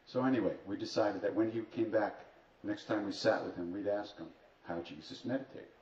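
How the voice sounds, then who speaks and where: A brisk, darkish male voice on the low side tells funny stories at a retreat, where he's the spiritual teacher, peppering them with dry, wry asides and jokes about himself. Slight background noise is present. The retreat hall recording is roomy, distant and dull, with faint ambience.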